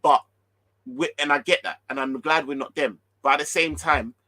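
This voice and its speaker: A man's voice: on the high side, normal speed. A man, ranting heatedly about football as a fan channel host, swearing and repeating himself. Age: 30s. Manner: animated, swearing, repetitive, ranting.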